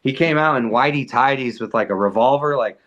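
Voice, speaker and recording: Man, podcast guest, casual storytelling, profane, animated, lots of "like". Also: mid-range voice, a little fast, highs cut off. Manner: animated, profane, heavy use of "like".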